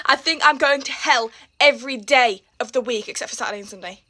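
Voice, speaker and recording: A woman's voice: high voice, quick pace, hardly any pauses, sharp tone. A teenage girl chatting while getting ready for school, dramatic and exasperated, laughing often. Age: teens. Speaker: vlogger. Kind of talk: get-ready-with-me vlog.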